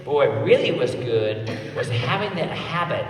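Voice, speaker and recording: A man in his sixties, a police officer, telling stories to a scout group with lively acted voices. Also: mid-range voice, moderate pace, a little hiss or hum. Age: 60s. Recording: echoey hall from far off.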